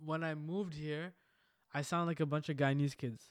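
A man's voice: fairly high pitch, steady tone, moderate pace, dry recording, studio quality. A young man with an anglophone Montreal accent, chatting in a laid-back way on a podcast and swearing casually. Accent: anglophone Montreal English. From Montreal, Canada. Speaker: podcast co-host. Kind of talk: casual chat.

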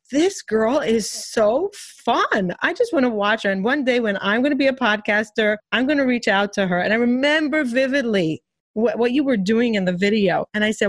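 A woman's voice: medium pitch, dry recording, clean studio sound. A woman hosting her own podcast, talking in an earnest, emotional way and often repeating her phrases for emphasis. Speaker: podcast host. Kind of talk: heartfelt podcast talk.

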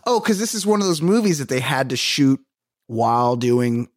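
A man's voice: mid-range voice, big pitch swings, moderate pace, no room sound. Male co-host, mid-range voice, casual rambling banter, dry close recording. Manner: rambling, trails off while recalling names. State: recovering from a finger injury. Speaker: podcast co-host. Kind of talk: casual comedic chat.

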